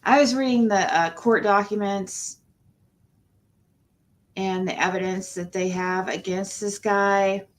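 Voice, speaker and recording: A woman's voice: mid-range voice, fairly even intonation, takes it slowly, pauses often, a little hiss or hum. A woman hosting a casual livestream, greeting viewers and talking in a rambling way, often trailing off and restarting her sentences. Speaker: livestream host.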